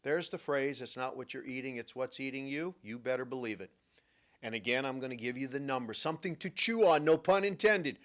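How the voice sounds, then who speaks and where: An older man, hosting a talk show as a therapist, telling stories emphatically and swinging from hushed to loud. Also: medium pitch, fairly quick. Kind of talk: radio-style talk monologue.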